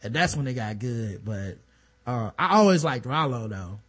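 A man co-hosting a podcast in casual chat, animated and full of fillers. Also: mid-range voice, normal speed. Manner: animated, lots of fillers and put-on voices in stories. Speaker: podcast co-host.

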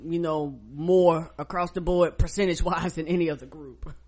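A man's voice: a little high, steady tone, normal speed, a little mellow. A man co-hosting a casual podcast, chiming in with emphatic agreement. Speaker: podcast co-host.

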